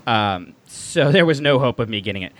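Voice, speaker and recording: A man co-hosting a podcast, chatting casually and telling stories in a playful, animated way. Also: medium pitch, brisk. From Texas, USA. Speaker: podcast co-host. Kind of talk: casual chat.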